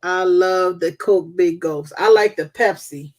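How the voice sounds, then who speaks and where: A woman's voice: fairly low pitch, a little slow, a little mellow. A woman hosting a casual live chat, giving blunt, profane, motherly advice. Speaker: host.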